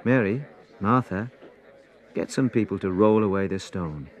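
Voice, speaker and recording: A man voicing a calm, gentle grown man in a storybook, speaking in a measured way. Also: fairly low pitch.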